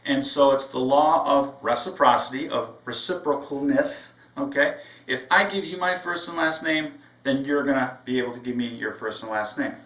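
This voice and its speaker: A man's voice: mid-range voice, normal speed, fairly bright tone. A man who owns a business, giving an upbeat, conversational training lecture to his staff and often checking "right?". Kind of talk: training lecture with phone role-play. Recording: echoey room, mic far off.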